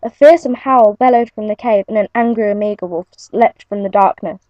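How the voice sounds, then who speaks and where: A young woman reading her own adventure story aloud, in an earnest, steady storybook manner. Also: mid-range voice, brisk, no room sound. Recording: muffled lo-fi home recording.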